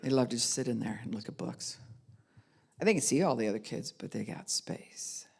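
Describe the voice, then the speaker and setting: A woman's voice: a bass voice, animated, quick pace, a little mellow, husky. Frank middle-aged woman pastor. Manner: candid and frank, acting out quoted voices. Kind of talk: conversational teaching talk.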